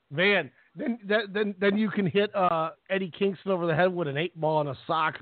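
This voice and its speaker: High-voiced laughing man on a phone line. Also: unhurried, dry recording. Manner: laughing, animated storyteller. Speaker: podcast co-host. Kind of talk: casual chat. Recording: tinny phone line, dry.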